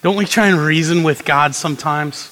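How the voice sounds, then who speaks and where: A man's voice: on the high side, normal speed, fairly bright tone, big-room sound, poor audio. A man preaching a sermon in a conversational way, acting out quoted prayers and tossing asides to the congregation. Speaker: pastor.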